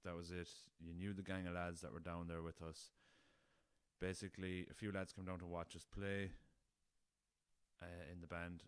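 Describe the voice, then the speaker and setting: Irish man, low smooth voice, casual solo podcast, chatty and foul-mouthed. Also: level tone, normal speed, no echo. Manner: chatty rambling storyteller, swears freely. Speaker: podcast host. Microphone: laptop.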